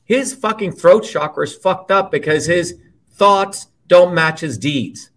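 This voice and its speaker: A man's voice: high-pitched, unhurried, fairly bright tone. A man as an interview guest, talking politics in a heated, profane and emphatic way.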